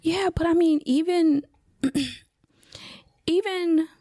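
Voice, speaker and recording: A woman chatting casually on a podcast, an animated storyteller who acts out her son's lines in a high voice. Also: slow pace, no room sound, clean studio sound. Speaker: guest.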